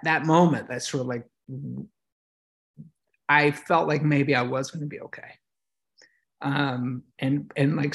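Gravelly emotional man telling his story. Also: medium pitch. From United States. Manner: reflective, emotional, with many fillers and restarts. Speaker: podcast guest, veteran and yoga teacher. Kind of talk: casual interview storytelling.

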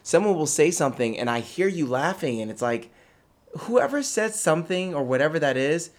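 A man's voice: a little high, big pitch swings, normal speed. A man co-hosting a casual chat, teasing and joking with his partner.

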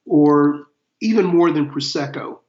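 Older man, very slow and thoughtful, fairly high voice, echoey dull room. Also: darkish tone. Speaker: guest. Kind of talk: casual interview chat.

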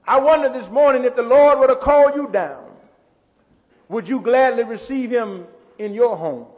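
A pastor preaching a sermon. He builds to shouts, repeats words and calls out to the congregation. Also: extremely high pitch, lively intonation, normal speed. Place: church. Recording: muffled church hall with long echo.

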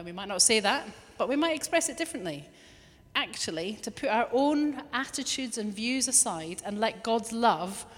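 A woman preaching a lively sermon, now and then acting out little quoted voices. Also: mid-range voice. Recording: long hall reverb.

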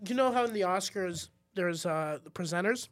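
High-voiced animated man telling stories. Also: moderate pace, no room sound, studio quality. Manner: animated storyteller, loud excited bursts when acting out stories. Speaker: comedian podcast co-host. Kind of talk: casual chat, storytelling.

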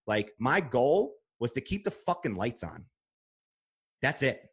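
A man's voice: medium pitch, very animated, a little slow, slightly rough. A young man hosting a podcast in casual chat, talking emphatically with lots of swearing and getting emotional. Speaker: podcast host. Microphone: podcast microphone.

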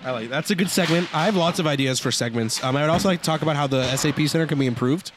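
A man's voice: fairly high pitch, rapid-fire, noisy background. A man co-hosting a casual podcast, reading listener email and giving blunt, joking opinions. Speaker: podcast co-host.

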